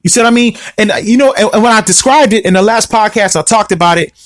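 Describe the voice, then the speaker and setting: A man's voice: sits high, fast talker, no room sound, studio quality. A man hosting a casual solo podcast, rambling, repeating himself and often asking "you see what I mean?". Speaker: podcast host.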